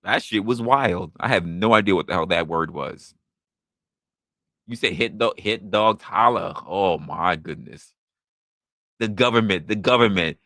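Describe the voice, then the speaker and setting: A man's voice: deep voice, measured pace, no echo, clean studio sound. A man hosting a live stream, reacting to chat and telling a story with a lot of swearing, voicing the people in it, while he drinks. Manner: profane, animated storytelling with voiced quotes. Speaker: podcast host.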